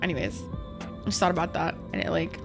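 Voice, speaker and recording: A woman streaming a game, chatting casually and profanely with her viewers and reacting quickly to chat. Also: lowish voice, fairly even intonation, creaky, faint music behind. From Canada. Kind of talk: casual live-stream chat while gaming.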